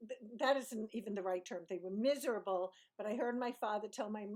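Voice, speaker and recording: A Brooklyn woman with a light New York accent tells her vlog audience a rambling, self-mocking story in a chatty monologue. Her voice is mid-range and a little mellow, and she wanders off on tangents punctuated by quick laughs.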